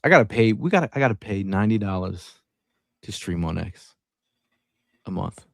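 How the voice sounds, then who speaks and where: Low gravelly man hosting a chat show. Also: animated, normal speed, no room sound, studio quality. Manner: laid-back, reads out chat comments. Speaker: podcast host. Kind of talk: casual chat. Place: live stream.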